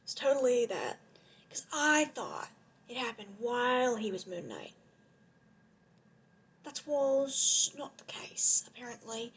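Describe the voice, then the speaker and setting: A young woman rambling excitedly in a casual vlog rant, gushing and laughing often, recorded on a propped-up phone. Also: high voice, a little hiss or hum. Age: young adult. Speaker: vlogger. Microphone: phone propped on a lotion bottle.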